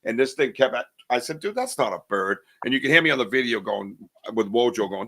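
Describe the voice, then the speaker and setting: A man hosting a podcast, chatting in an animated, joking way and swearing casually. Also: medium pitch, brisk. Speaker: podcast host. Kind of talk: casual chat.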